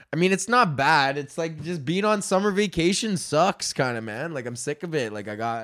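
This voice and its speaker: A man's voice: a little high, brisk, few pauses, a bit bright, no room sound, clean studio sound. A man in his thirties hosting a solo podcast, ranting loosely with lots of swearing and filler words. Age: 30s. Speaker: podcast host.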